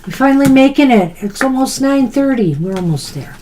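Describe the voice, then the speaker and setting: Chatty woman tarot reader, slightly hoarse. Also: high-pitched, lively intonation, brisk, warm tone, a little hiss or hum. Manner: chatty, laughing, loses her train of thought. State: losing her voice, with a headache. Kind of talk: casual live-stream chat.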